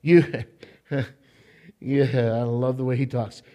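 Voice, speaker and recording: A man preaching a sermon to a congregation in church, animated, repeating his words and tossing in joking asides. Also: mid-range voice, slow, pauses often. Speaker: pastor.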